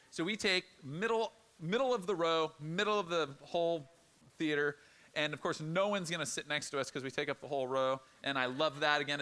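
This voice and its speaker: A middle-aged male pastor preaching a sermon, telling a personal story in an animated, conversational way and acting out the quoted lines. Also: fairly high pitch.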